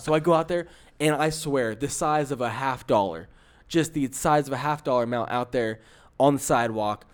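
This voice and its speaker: A young man co-hosting a podcast, telling an exasperated story in a casual, animated way, full of fillers. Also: a little high, a little fast, smooth. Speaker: podcast co-host.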